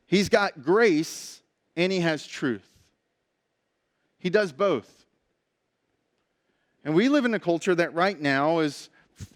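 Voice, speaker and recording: A male pastor preaching a sermon in a conversational, storytelling way. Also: on the high side.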